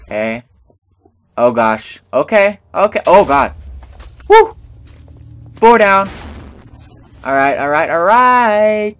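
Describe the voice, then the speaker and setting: A man's voice: fairly high pitch, sing-song, slow, a bit bright, smooth. A young man with a stuffy nose hosting a casual, profane let's-play, talking to himself and laughing. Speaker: gaming channel host. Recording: faint game music behind.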